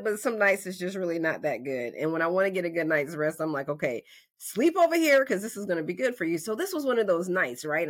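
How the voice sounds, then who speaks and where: A woman in her forties from North Carolina, hosting a podcast and telling a story in a lively, conversational way, acting out the voices in her quotes. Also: lowish voice. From North Carolina, USA. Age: 40s. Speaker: podcast host. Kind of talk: casual storytelling monologue.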